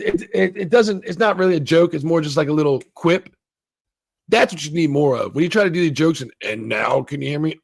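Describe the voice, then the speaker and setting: A man with a somewhat high, gravelly voice rambles through a casual episode review, swearing freely and slipping into bits of the characters' dialogue. The sound is close and dry, with no room around it. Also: normal speed, no echo. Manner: rambling, swears a lot, acts out quoted lines. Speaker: show reviewer. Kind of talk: casual profane recap and review.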